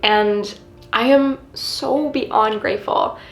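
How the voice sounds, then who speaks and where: A woman's voice: a little high, slow, creaky. A young woman vlogging in a casual, confessional chat, earnest and rambling with many fillers. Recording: roomy with faint music behind.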